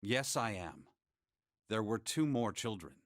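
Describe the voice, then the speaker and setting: An actor playing a calm, formal young nobleman in a game who speaks politely and in measured phrases. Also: on the low side. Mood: grave.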